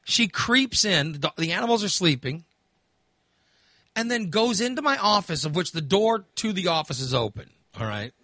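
A man's voice: high voice, big pitch swings, normal speed, bright, forceful tone, no echo, studio quality. A man hosting a podcast, telling stories in casual chat with laughs and voiced asides. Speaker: podcast host.

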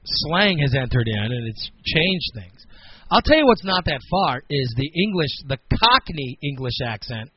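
Radio host, American man, lively pitch, breathy edge, casual teasing banter. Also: measured pace, dull audio. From United States. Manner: teasing, animated, rambling.

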